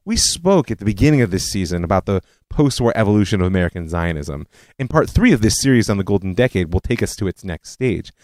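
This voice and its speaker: A man's voice: fairly low pitch, animated, fast, darkish tone, no echo. A man hosting a history podcast, telling it as a story with conversational asides. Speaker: podcast host. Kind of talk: scripted history narration.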